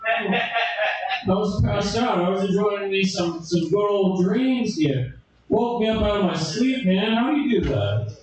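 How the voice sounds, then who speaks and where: A man doing stand-up with a drowsy, rambling, low mumbling delivery. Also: expressive, unhurried, distant mic, slight background noise. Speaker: stand-up comedian. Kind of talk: stand-up comedy. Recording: echoey club recorded from afar with music.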